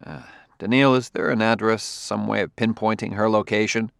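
A man's voice: fairly low pitch, fairly even intonation, normal speed, creaky, dry recording, clean studio sound. A man voicing a blunt, impatient male detective who gives orders brusquely. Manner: brusque, commanding.

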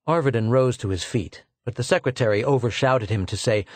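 A man reads a novel aloud in a measured, steady way, shifting up for the dialogue. His voice sits in an ordinary middle range. The recording is close and dry, with no room sound. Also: medium pitch, no echo. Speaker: audiobook narrator. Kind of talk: scripted narration with dialogue voices.

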